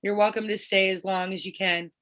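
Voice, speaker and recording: A woman hosting a casual group chat over a video call, talking in an animated, encouraging way. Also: medium pitch, brisk. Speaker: host.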